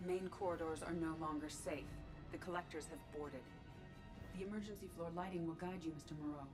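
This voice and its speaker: An actress voicing a calm, precise female shipboard AI in a video game, speaking in a measured, formal way. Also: sits low, over music, close to an everyday voice.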